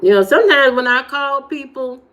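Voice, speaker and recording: A woman from Indiana with an Indiana accent, chatting casually on a livestream and telling stories with animated jumps in her voice; her high voice can sound youthful. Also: moderate pace. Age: adult. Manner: animated storytelling, jumps high when retelling. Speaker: livestream host. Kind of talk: casual livestream chat reading comments.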